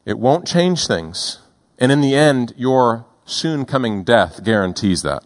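A male pastor preaching a sermon in a deliberate, emphatic way, slowing down on key words. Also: mid-range voice, lively intonation.

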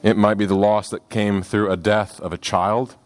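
A man preaching a sermon on a scripture passage, earnest and expressive, rising for emphasis and dropping to hushed, slow phrases. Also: fairly low pitch, smooth.

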